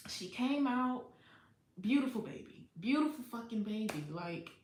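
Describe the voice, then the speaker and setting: A woman's voice: on the high side, expressive, measured pace, roomy sound, slight background noise. A woman hosting a livestream, telling a personal story in a candid, profane way and laughing often. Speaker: livestream host. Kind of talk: casual storytime chat.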